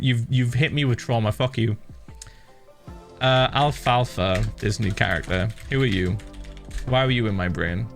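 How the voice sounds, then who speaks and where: A man's voice: mid-range voice, a bit bright. A man streaming a game, chatting casually and animatedly, swearing and laughing often. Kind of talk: casual livestream chat while gaming.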